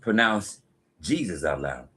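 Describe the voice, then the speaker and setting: A man's voice: sits low, big pitch swings, unhurried, sharp tone, husky. A man hosting a casual video, questioning a phone app in a skeptical, rhetorical way and talking back to it. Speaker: video host. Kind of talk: casual commentary while quizzing a phone app.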